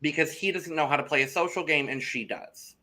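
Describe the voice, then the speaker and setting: A man co-hosting a casual reality TV podcast, animated and gossipy, swearing freely. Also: a little high, fairly quick. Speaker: podcast co-host. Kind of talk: casual chat.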